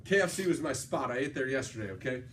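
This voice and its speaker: A man's voice: mid-range voice, quick pace, a little hiss or hum. A man giving a motivational sales training talk, telling stories with energy and tagging his points with "right?". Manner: energetic storyteller, tags lines with "right?".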